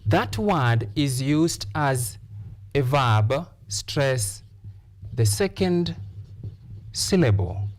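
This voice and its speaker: A man from Kenya, teaching a televised classroom lesson. He explains deliberately, repeats his examples and pauses on "uh" fillers. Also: mid-range voice, expressive.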